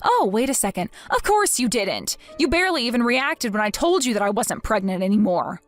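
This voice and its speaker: A woman acts out a cold, taunting young wife from a text-message story drama. She speaks with a fairly high voice and a sarcastic, mocking edge. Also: big pitch swings, brisk, faint music behind.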